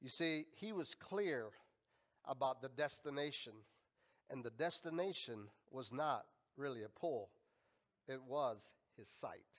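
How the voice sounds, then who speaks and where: A male pastor preaching a sermon, emphatic and swinging between loud and quiet. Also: medium pitch, animated, a little slow. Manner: emphatic, rising and falling in volume.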